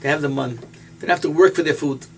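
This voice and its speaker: A man's voice: fairly high pitch, fairly even intonation, quick pace, a little hiss or hum. A man, a rabbi and yeshiva head, giving a sermon as emphatic storytelling that repeats key phrases.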